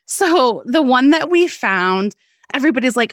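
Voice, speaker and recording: A woman's voice: sits high, expressive, normal speed, no room sound, studio quality. A woman guest on a podcast telling a personal story in a candid, casual way, swearing freely and laughing often.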